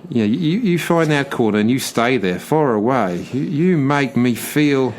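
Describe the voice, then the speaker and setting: A man's voice: medium pitch, animated, unhurried, a little hiss or hum, lightly acted. A man playing a smug, laid-back Australian business expert in a comedy radio sketch, talking in a breezy, soothing way. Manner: breezy, soothing, self-satisfied.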